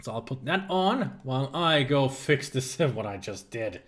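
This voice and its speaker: A man's voice: medium pitch, sing-song, a little slow, a bit bright. A tired man casually commentating his retro gameplay on a livestream, chatty and prone to laughing, swearing and mocking the game. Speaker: livestreamer playing retro games.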